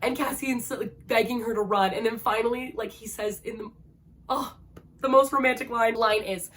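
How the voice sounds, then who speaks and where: A woman's voice: a little high, fairly even intonation, moderate pace, a bit bright. Young woman gushing emotionally about books. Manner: gushing and emotional, full of fillers, dramatic. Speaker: book reviewer. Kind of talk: casual chat about books.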